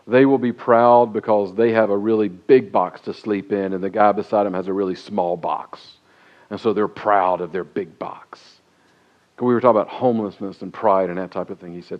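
A lower-voiced man delivers a sermon as pastor, rising loud and high to drive points home and dropping soft and low to pray. The recording is dull and lo-fi, missing its top end. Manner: emphatic preaching with wide swings in pitch and loudness.

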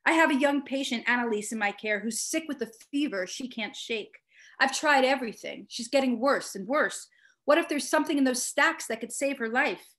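A woman's voice: high voice, lively intonation, moderate pace, a bit bright. A woman reading an earnest young medic. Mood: earnest pleading. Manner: earnest, insistent. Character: earnest young male medic, pleading and persistent.

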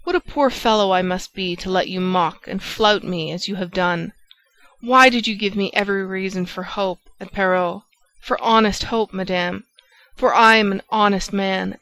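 A woman reading the part of a jealous young nobleman in an audiobook, voicing his outbursts loudly and with passion. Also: mid-range voice, lightly acted, rough recording. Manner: loud, impassioned outbursts.

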